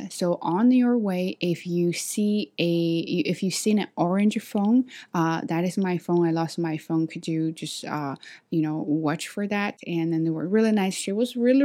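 A woman telling a story to camera in a vlog, hesitant with many fillers and restarts, animated when she acts out what others said. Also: on the low side. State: sweaty after a walk. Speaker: vlogger.

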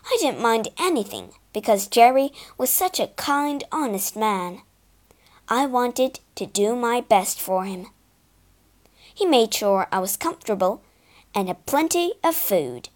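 Woman, storybook reader, slow and clear, lively rise and fall, fairly high voice. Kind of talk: storybook narration for learners.

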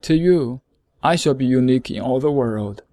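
A man voicing a gentle, lonely male fox in a storybook reading, earnest and measured, explaining things slowly. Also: medium pitch, dry recording, clean studio sound, close to an everyday voice.

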